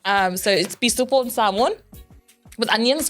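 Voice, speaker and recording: A woman's voice: on the high side, normal speed, a bit bright, soft background music. A woman co-hosting a podcast in casual chat, giggly and playful, laughing often. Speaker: podcast co-host.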